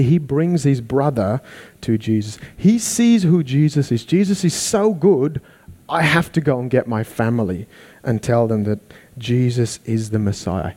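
A man preaching a sermon, animated, acting out the people he quotes. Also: medium pitch. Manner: animated, acts out quoted voices.

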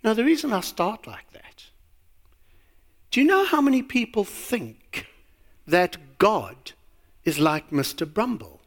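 A man's voice: sits high, very animated, unhurried, pauses often. A man preaching a sermon, telling a story with a lot of animation and asking rhetorical questions.

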